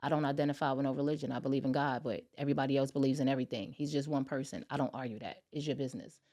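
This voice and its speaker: A woman guest on a podcast, telling a personal story in casual chat and acting out the lines of the people in it. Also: very deep voice. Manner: animated, talks fast, acts out dialogue.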